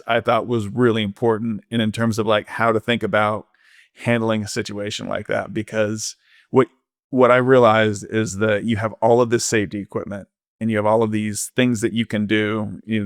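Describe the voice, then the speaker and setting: A man's voice: lowish voice, fairly even intonation, normal speed, dry recording, studio quality. A man, a podcast guest, telling an ocean-rowing story candidly, rambling with lots of fillers. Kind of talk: casual storytelling interview.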